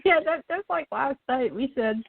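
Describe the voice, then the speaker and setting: A woman's voice: sits high, expressive, moderate pace, gravelly. A woman interviewing a guest on a radio show, asking questions in casual conversation over a tinny phone line.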